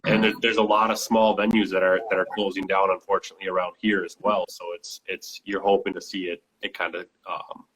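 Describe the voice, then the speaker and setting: A man hosting an interview, asking questions in a measured, thoughtful way and circling back over his words. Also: sits low, level tone, crowd noise, poor audio. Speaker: interview host.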